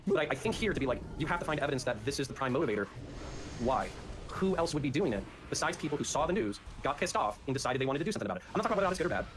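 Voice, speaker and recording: Sarcastic guy swearing through a debate, super fast, noisy background. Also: medium pitch, very animated. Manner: combative, profane, sarcastic. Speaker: debate participant. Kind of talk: heated online debate.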